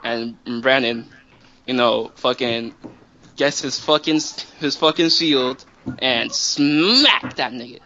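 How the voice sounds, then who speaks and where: A man's voice: mid-range voice, slow pace, bright, forceful tone, slight background noise. A man casually telling a long story to friends, rambling and profane with many restarts. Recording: dull lo-fi recording.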